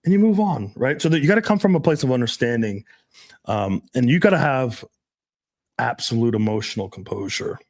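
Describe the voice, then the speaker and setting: A man speaking in a casual podcast conversation, his voice sitting at an ordinary middle pitch. He talks loosely, swears freely and fills his sentences with likes and ums. He laughs often as he goes. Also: expressive, fairly quick, darkish tone. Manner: loose and profane, many fillers, laughs often.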